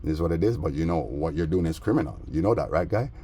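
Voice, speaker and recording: A man's voice: very deep voice, lively intonation, fast, warm tone, slightly rough. A man rambling through a story in casual street slang, aggrieved and agitated. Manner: streetwise, peppered with "man" and "bro". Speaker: vlogger.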